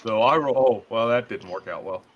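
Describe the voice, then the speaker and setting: A man's voice: on the low side, brisk, dull audio. A man playing a tabletop game, teasing the others and laughing easily in casual banter. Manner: giggly, teasing. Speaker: player.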